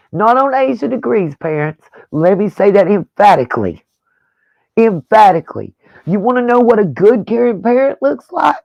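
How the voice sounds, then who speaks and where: Woman YouTuber, gravelly, combative and profane, dry close recording. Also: medium pitch, dry recording, lo-fi sound. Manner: repeats pointed rhetorical questions. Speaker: true-crime YouTuber. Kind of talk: angry on-camera rant.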